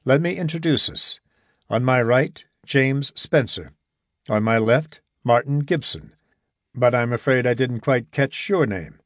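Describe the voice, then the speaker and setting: A man reading the part of a calm, practical expedition leader with a solemn, dry humor, recorded close and dry. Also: mid-range voice, a little slow, no echo, lightly acted. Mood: solemn teasing.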